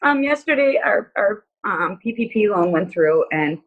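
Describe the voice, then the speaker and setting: A woman joining a group video call, sharing from the heart in a halting way with many fillers. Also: mid-range voice, lively intonation. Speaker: call participant, business owner. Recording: phone-like narrow sound.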